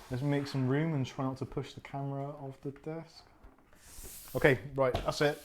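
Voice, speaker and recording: A man hosting a relaxed live stream in a loose, jokey way, thinking out loud as he unpacks things. His voice sits at an everyday middle pitch. He is blunt and opinionated in his asides. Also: slight background noise. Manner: chatty, jokey, thinks aloud while unpacking. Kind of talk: casual live-stream chat.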